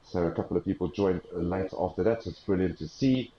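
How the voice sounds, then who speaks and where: A man with a South African accent commentating live on an esports race, an excitable play-by-play caller who rises in pitch with the action and uses plenty of fillers. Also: fairly quick, roomy sound, muffled recording, a little hiss or hum.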